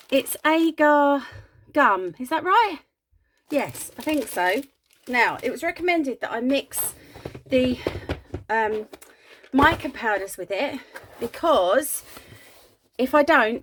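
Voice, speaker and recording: A woman hosting a casual crafting vlog from her home craft room, chatty and giggly, a little breathy from asthma. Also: high voice, fairly bright tone, a little hiss or hum. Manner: chatty, giggly, rambling with many ums. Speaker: craft channel host.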